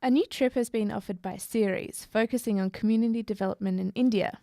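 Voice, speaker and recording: A woman reads a scripted radio news item quickly. Her voice is high, mellow and gravelly. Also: dry recording, studio quality. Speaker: news reader.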